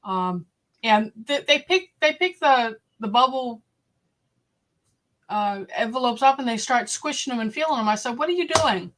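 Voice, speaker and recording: A woman's voice: a little high, expressive, a little slow, fairly bright tone. A woman hosting a casual livestream, chatting directly with her viewers. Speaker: homestead livestream host. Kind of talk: casual live-stream chat.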